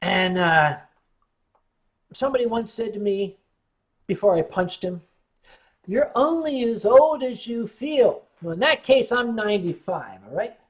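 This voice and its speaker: A man's voice: sits high, very animated, a little slow, pauses often. Casting: tipsy male streamer, wry, rambling, reads chat aloud. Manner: wry, joking, rambling storyteller. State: tipsy from wine. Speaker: livestream host reading chat. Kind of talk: casual chat on a livestream.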